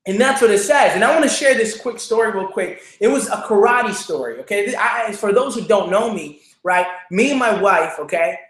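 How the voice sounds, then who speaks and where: A man's voice: high-pitched, lively intonation, normal speed, hardly any pauses, fairly bright tone, roomy sound. A young man hosting a show, telling a motivational personal story in an earnest, repetitive way with many fillers. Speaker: show host, speaker.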